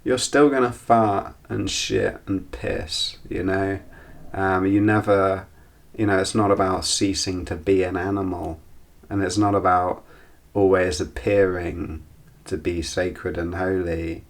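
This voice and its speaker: Deep, creaky male host; rambling, reflective storyteller. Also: little pitch movement, a little slow. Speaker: channel host. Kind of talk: casual storytelling monologue.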